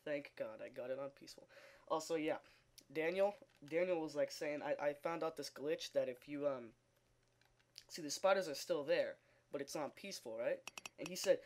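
A man's voice: a little high, moderate pace, a little hiss or hum. A young man giving casual, rambling game commentary, full of fillers, restarts and laughter, into a sound recorder. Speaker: gaming video host.

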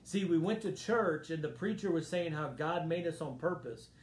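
A man's voice: on the high side, normal speed, roomy sound, a little hiss or hum. A man preaching a sermon as a pastor, earnest and emphatic, often repeating his phrases. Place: church sanctuary.

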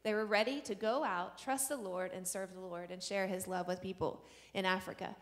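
A woman stands in a church sanctuary and tells her missionary testimony, speaking earnestly and acting out the people in her story. Her voice sits at an ordinary pitch for a woman and carries a long reverb from the hall around her. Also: fairly even intonation, moderate pace. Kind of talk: personal testimony to a church audience.

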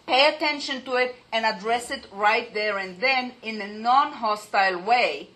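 Middle-aged woman lecturer, conversational, bright, slightly high voice. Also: moderate pace, low-quality recording. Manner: conversational, explains with acted examples. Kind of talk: informal lecture.

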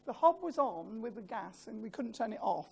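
A woman giving a funeral eulogy. She tells lively, self-mocking stories and laughs as she talks. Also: fairly high pitch, moderate pace, gravelly, husky.

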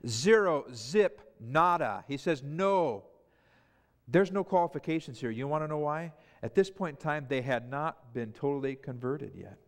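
Animated pastor preaching in an echoing church. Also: male voice, a little high, moderate pace, hardly any pauses. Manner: animated storyteller, acts out the disciples' panic. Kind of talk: sermon. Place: church sanctuary. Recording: church hall reverb.

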